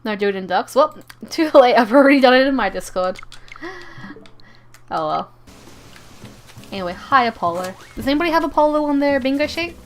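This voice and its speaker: Quick, high-pitched and lively in intonation, this female streamer pauses often while faint music plays underneath. She keeps up loose, playful live-stream chatter during gameplay, talking to viewers and in-game characters alike, tripping over words and repeating herself a lot.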